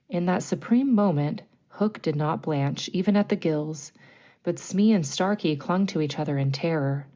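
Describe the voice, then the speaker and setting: A woman narrating a bedtime story, reading gently and clearly. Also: fairly low pitch, expressive, moderate pace.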